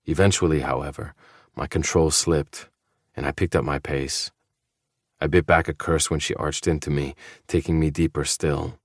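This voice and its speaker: A man narrating a first-person novel in an audiobook, with a measured, low-key, intimate reading. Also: steady tone, no room sound, clean studio sound.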